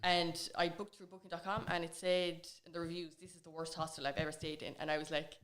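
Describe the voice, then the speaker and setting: A woman's voice: lowish voice, little pitch movement, fast talker, fairly bright tone. Chatty woman telling travel stories. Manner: chatty storyteller, many fillers. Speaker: podcast guest. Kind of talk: casual chat.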